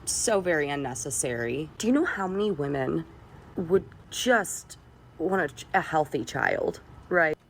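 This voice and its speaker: A woman's voice: sits low, animated, measured pace, a little hiss or hum. A woman giving an opinionated, exasperated monologue to a phone camera in a clip played on a podcast. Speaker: social media commentator in a played clip.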